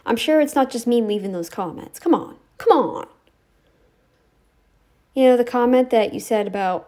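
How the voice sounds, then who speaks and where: A woman's voice: fairly high pitch, lively intonation, normal speed, long pauses, dark tone. Rambling, scolding woman vlogger. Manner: rambling, scolding, sarcastic, with many "like" fillers. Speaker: YouTube commentator. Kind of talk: ranting direct-to-camera commentary.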